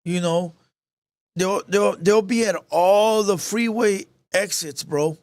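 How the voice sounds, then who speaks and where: A man's voice: high-pitched, slow, no echo. A man hosting a live show, telling a heated, profane story in casual street slang, repeating himself as he goes.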